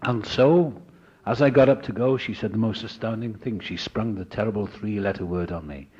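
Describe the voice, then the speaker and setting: A low-voiced older man tells his own story of recovery to a listening audience. He is animated and acts out the people he met along the way. The voice is husky and the recording sounds dull and lo-fi. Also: normal speed.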